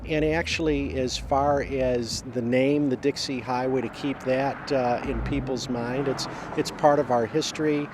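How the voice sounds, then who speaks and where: A man answers questions outdoors in a halting way, pausing often on filler sounds. His voice sits at an ordinary pitch. Road and vehicle noise is clearly heard behind him. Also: steady tone. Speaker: interviewee. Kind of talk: outdoor interview.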